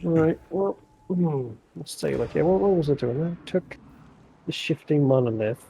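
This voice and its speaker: A man talking through his moves in a relaxed way while playing a co-op strategy game. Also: on the high side, moderate pace, creaky, slight background noise. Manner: relaxed, thinking aloud with small restarts. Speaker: co-op game player. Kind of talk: casual gameplay chat.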